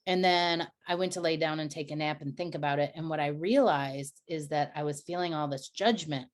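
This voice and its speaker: A woman's voice: sits low, a little fast. A middle-aged woman co-hosting a podcast, telling personal stories in a candid, confessional way. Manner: earnest, confessional storytelling. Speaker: podcast co-host.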